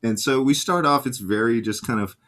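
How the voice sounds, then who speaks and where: In a casual interview, the middle-aged guitarist and music teacher spins lively anecdotes, imitating the people he quotes. He talks fairly quickly at a medium pitch.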